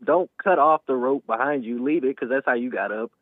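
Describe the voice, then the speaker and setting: A man's voice: mid-range voice, fairly quick, dry recording. A man calling in to a talk show, speaking casually and reflectively. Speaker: caller. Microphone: phone call. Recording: tinny phone line.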